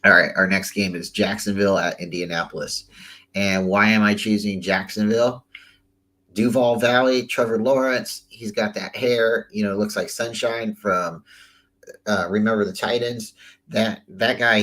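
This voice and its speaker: Man, lowish voice, casual football picks host, rambling and chatty. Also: fairly even intonation, normal speed, fairly bright tone, poor audio. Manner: loose and chatty, repeats words, trails off. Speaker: sports talk host. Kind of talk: casual sports commentary.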